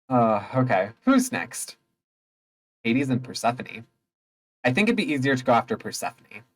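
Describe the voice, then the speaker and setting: A man's voice: mid-range voice, very animated, normal speed, poor audio. A man chatting playfully through casual gameplay commentary. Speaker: gamer.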